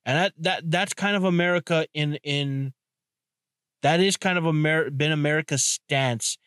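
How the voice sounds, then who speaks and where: A young man with a slightly high voice holds forth on his podcast in a loose, profane ramble. He keeps circling back with restarts and asides. The sound is dry and close, with no room around it. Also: moderate pace, a bit bright, clear, resonant tone, no echo. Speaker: podcast host. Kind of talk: casual solo podcast monologue.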